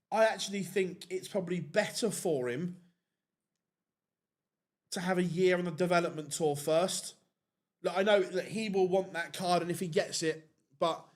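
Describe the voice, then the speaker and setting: A man giving casual live commentary on a darts tournament, chatting and answering viewer questions. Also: a little high.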